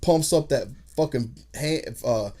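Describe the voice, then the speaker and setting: A man's voice: mid-range voice, measured pace, dark tone. A man, a podcast guest telling stories in casual, profane chat and acting out quotes.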